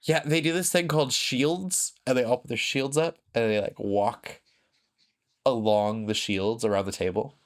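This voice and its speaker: A man's voice: mid-range voice, steady tone, moderate pace. A man co-hosting a podcast in casual chat, rambling with lots of fillers and frequent laughs. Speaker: podcast co-host.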